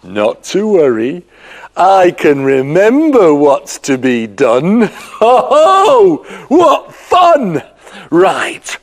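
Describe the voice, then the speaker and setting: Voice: medium pitch, very animated, takes it slowly, darkish tone. A presenter playing a bored, simple man who bungles a magic spell in a children's story, sing-song and theatrical. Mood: eager.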